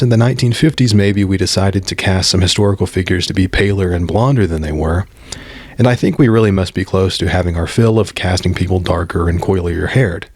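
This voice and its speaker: Blunt, husky American man commenting. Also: fairly low pitch, a little mellow, no room sound. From United States. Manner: blunt, opinionated, swears freely. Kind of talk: scripted commentary monologue.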